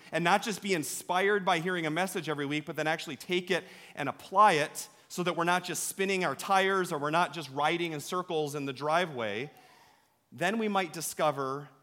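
Male pastor, 30s, storytelling sermon, emphatic and chatty, higher voice, reverberant sanctuary. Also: fairly bright tone. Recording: long hall reverb.

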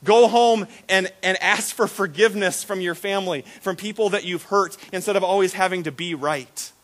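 A man preaching a sermon as a pastor, animated and repetitive when excited, acting out the voices in his stories. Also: sits high, moderate pace. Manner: animated storytelling, acts out quoted voices; repeats words and restarts when excited.

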